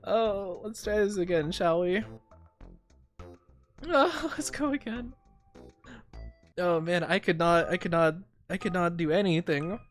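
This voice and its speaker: Excitable, rambling young man, giggling. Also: high voice, moderate pace, few pauses, soft background music. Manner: excitable, rambling, laughs often, self-mocking. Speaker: streamer. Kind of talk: casual live-stream chat while playing a word game.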